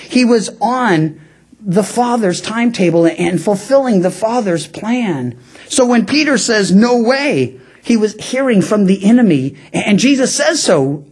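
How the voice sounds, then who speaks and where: A man's voice: sits high, breathy edge. A man preaching an expository Bible teaching sermon as pastor, in a conversational way with frequent asides, acting out quoted lines.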